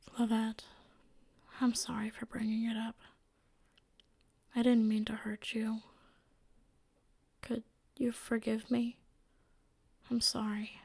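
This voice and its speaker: A woman reading as a gentle, blind, dark-furred she-wolf seer in a storybook, speaking softly and sometimes in a whisper. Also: on the high side, little pitch movement, a little slow, husky. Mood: whispered apology. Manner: soft, often whispered.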